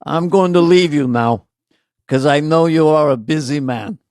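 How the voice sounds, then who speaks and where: A man doing a stiff mobster enforcer who speaks in slow, halting, formal phrases. The voice sits fairly high and is recorded dry and close, with no room sound. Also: darkish tone, no echo, natural voice. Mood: solemn.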